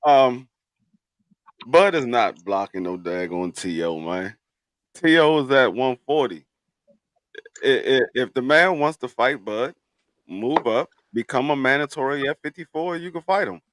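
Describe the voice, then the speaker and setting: A man's voice: mid-range voice, expressive, measured pace, fairly bright tone, dry recording. A man on a casual sports podcast, explaining his point step by step and often repeating words. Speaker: podcast co-host.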